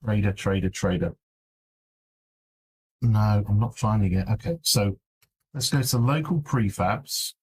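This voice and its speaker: A man's voice: fairly low pitch, a little slow, pauses often, breathy edge. A man streaming on his own, thinking aloud in a fretful mutter as he searches through files. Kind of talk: casual live-stream commentary.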